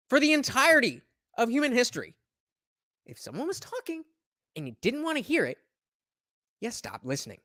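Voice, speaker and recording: A man's voice: very high-pitched, wildly swooping pitch, a little fast, pauses often, bright, forceful tone, no echo, studio quality. A man reacting to podcast clips on a live stream, sarcastic and mocking as he picks their arguments apart.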